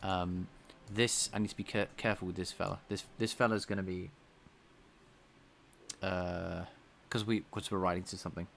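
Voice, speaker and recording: A man with a slightly nasal voice, thinking out loud as he codes live and talks to his chat. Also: sits low, level tone, moderate pace, vocal fry, a little hiss or hum. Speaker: game developer streaming his coding. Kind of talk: casual live-coding chat.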